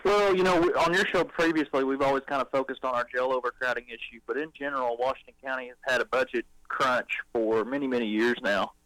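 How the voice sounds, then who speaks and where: A man's voice: medium pitch, fast talker, hardly any pauses, fairly bright tone. A man with a Southern American accent speaks as a radio interview guest, explaining in an easygoing, conversational way. His voice sounds dry and close, with no room echo. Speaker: county official guest.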